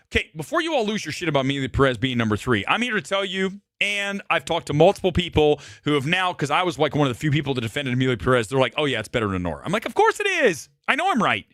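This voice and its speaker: Male movie show host with a slightly hoarse, higher-pitched voice, dry close mic, ranting profanely. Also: a bit bright, dry recording. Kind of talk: live show, ranting opinion.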